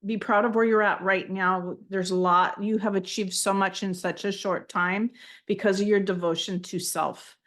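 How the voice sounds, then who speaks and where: A woman channeling messages for people in a live intuitive reading, speaking gently and heartfelt, often moved to emotion. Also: fairly even intonation, normal speed. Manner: speaks in flowing, high, invented-sounding syllables at times. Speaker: spiritual channeler giving readings.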